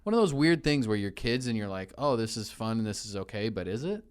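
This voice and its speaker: A man in his forties co-hosting a casual studio chat on a radio show, easygoing and quick to laugh while teasing his co-host. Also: fairly low pitch, expressive, clean tone. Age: 40s.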